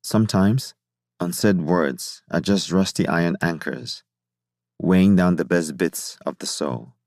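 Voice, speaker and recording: A man's voice: low-pitched, measured pace, vocal fry, no echo, studio quality. A man voicing a jovial older male scientist who teases and coaxes his younger colleague in a playful, fatherly way. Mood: coaxing. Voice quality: rich, warm laugh.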